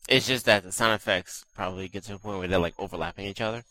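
A man's voice: lowish voice, rapid-fire, bright, forceful tone, a little hiss or hum, rough recording. A man co-hosting a casual gaming podcast, putting in brief, laid-back remarks. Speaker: podcast co-host.

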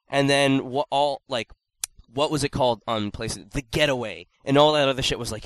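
A man casually chatting on an online podcast, animated, swearing freely and acting out quotes. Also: medium pitch, normal speed, dry recording, low-quality recording. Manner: animated, swearing, acts out quotes in exaggerated voices. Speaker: podcast co-host. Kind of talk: casual chat.

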